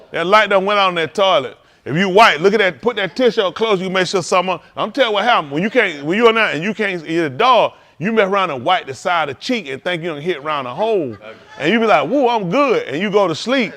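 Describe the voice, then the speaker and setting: A man hosts a livestream, cracking jokes and acting out the people in his stories. His voice sits high and swings widely in pitch as he animates each bit. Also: fast talker. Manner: animated storytelling, acting out quoted voices, laughing. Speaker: livestream host at a congregation. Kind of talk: casual joking talk to a livestream audience.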